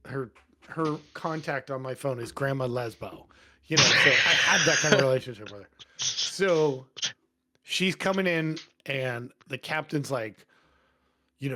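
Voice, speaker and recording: A man's voice: mid-range voice, measured pace, pauses often. A man, a firefighter, telling long stories in blunt casual talk full of swearing, voicing the people in them. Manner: profane, blunt and animated. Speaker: podcast guest, firefighter. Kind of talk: casual storytelling. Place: podcast studio.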